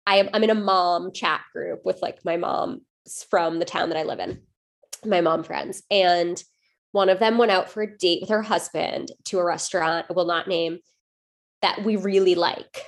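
A woman co-hosting a podcast, telling a story in loose, animated chat. She leans on fillers and restarts as she talks. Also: lowish voice, moderate pace. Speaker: podcast co-host. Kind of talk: casual chat.

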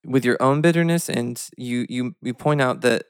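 Man, podcast co-host, gravelly yet smooth voice, earnest, halting, dry close mic. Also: medium pitch, no room sound. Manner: earnest and halting, many restarts. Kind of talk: reflective interview talk.

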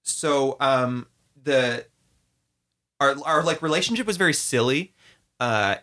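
A man's voice: mid-range voice, animated, slow, sharp tone. A young man speaking as a guest in a heartfelt conversation, reflective and rambling, with many filler words.

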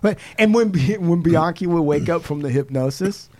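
A young man recounting a crime case on a podcast, his voice sitting a little higher than most men's. He talks loosely and profanely, and he jumps into quick asides as the story rolls along. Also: animated, darkish tone. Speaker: podcast co-host. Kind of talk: casual true-crime storytelling.

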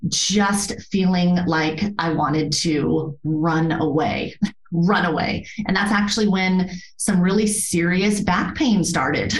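A woman guest in a conversational interview, a yoga therapist telling her own story in an earnest, expressive way. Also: lowish voice, slow pace. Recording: echoey room.

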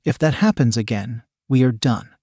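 A man voicing a calm, commanding young woman who speaks in a hushed, smug, controlling way in a storybook reading. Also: mid-range voice, moderate pace, husky, no echo, clean studio sound, close to an everyday voice.

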